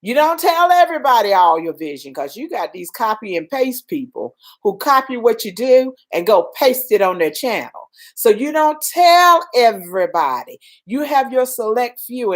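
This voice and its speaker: A Southern woman hosting a casual livestream, greeting viewers by name and urging them on in a folksy, preachy way. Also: mid-range voice. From Southern United States. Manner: animated, swings between loud urging and soft murmurs. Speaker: livestream host. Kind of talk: casual live-stream chat.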